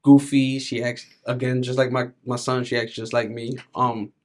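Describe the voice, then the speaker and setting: A man's voice: medium pitch, flat delivery, moderate pace. A man in his thirties, a podcast guest speaking candidly and reflectively in casual conversation, with frequent filler words.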